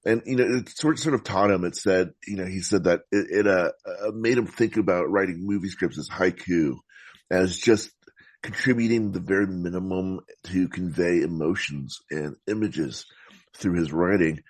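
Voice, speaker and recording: A man talking about films as a podcast guest, in a thoughtful, meandering way with frequent halting restarts. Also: sits low, slightly rough, no room sound. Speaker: podcast guest, film critic. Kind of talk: casual film discussion.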